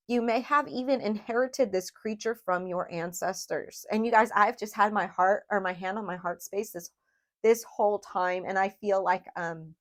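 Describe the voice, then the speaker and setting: Woman, tarot reader, casual, chatty, emotional, lots of filler words, mid-pitched voice. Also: moderate pace. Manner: chatty, emotional, full of "like" and "you guys". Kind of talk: casual tarot reading to camera.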